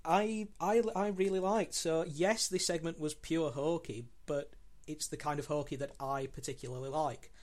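Male guest co-host, slightly higher voice, eager, halting delivery full of ums. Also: steady tone. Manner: enthusiastic with frequent ums and restarts. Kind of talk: casual podcast discussion.

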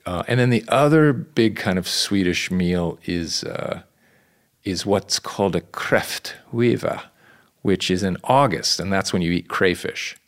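A man's voice: low voice, a little slow. A man talking as a guest in a casual chat, telling stories in a chatty way with playful bursts of energy.

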